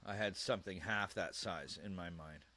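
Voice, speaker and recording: Canadian guy, casual livestream reactor, a bit low-pitched, chats candidly and thinks out loud. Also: moderate pace. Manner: chatty and candid, thinking aloud. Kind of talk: casual live reaction chat.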